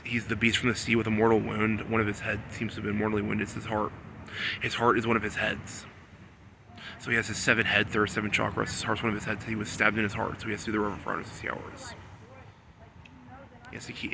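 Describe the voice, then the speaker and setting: A man in a rambling solo monologue, repeating himself and swinging between low muttering and loud, insistent scolding. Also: level tone, fast, vocal fry, background noise. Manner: repetitive, talks about himself in the third person. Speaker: vlogger.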